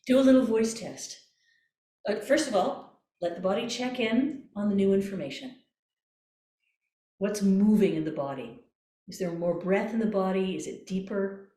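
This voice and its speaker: Woman voice coach, mid-pitch, calm coaxing workshop delivery; recorded in an echoey room. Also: normal speed, long pauses. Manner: calm, coaxing, repeats cues. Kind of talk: guided breathing exercise instruction.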